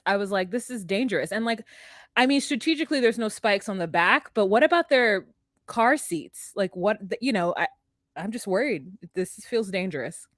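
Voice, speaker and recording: A woman co-hosts a recap podcast, rambling and hesitant as she retells scenes with giggles. Her pitch sits in the middle. The mic is close and the sound is dry. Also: fairly bright tone, no room sound. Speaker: podcast co-host. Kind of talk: casual recap chat.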